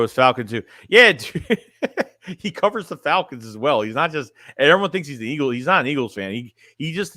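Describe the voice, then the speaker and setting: A man's voice: mid-range voice, pushed and bright, dry recording, studio quality. A man chatting casually on a livestream as a sports fan streamer, reading chat and talking bluntly, rambling and restarting his phrases.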